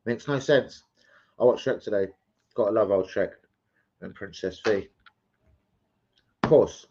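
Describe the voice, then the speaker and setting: Warm and fairly low-pitched, this man speaks at a measured pace over dull-sounding audio. He hosts a football fan channel, chatting casually with livestream viewers, reading transfer gossip, rambling and swearing as he goes.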